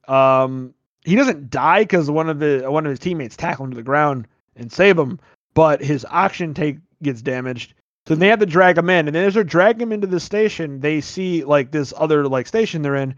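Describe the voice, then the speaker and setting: A man with a slightly high voice rambles through a movie plot on a podcast, leaning on fillers and dropping the odd casual swear. The sound is dry and a little dull, with no room echo. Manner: rambling, filler-heavy retelling with frequent "like". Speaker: podcast host.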